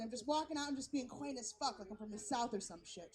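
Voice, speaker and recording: A woman from San Francisco doing a brash, profane stand-up set on an outdoor festival stage, telling stories in an animated way. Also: a little high, quick pace, few pauses, crowd noise, background noise. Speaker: stand-up comedian.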